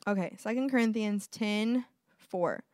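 A woman's voice: medium pitch, measured pace, darkish tone, dry recording, clean studio sound. A young woman giving a casual sermon in a conversational way, laughing often and using lots of fillers. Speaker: preacher.

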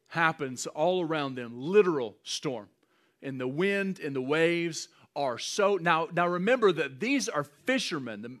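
A man preaching a sermon, animated and often chuckling as he acts out scenes. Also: a little high. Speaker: pastor.

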